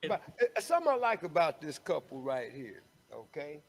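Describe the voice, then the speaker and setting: A man with a fairly high voice tells a casual story with emphasis, punctuating his points with "okay?". His delivery is direct and insistent. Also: wildly swooping pitch, moderate pace, slightly rough.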